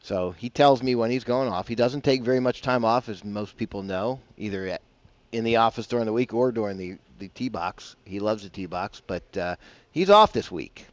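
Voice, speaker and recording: A man's voice: fairly low pitch, expressive, normal speed, no room sound, dull audio. A man hosting a casual morning golf radio show, rambling and chatty with self-deprecating asides, on a broadcast mic. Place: broadcasting from a bar.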